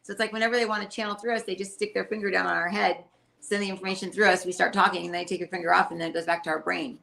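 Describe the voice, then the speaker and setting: A woman's voice: on the low side, fairly even intonation, rapid-fire, vocal fry, bright, forceful tone. A woman, a medium and co-host, eagerly describing what she sees from the spirit side in casual chat.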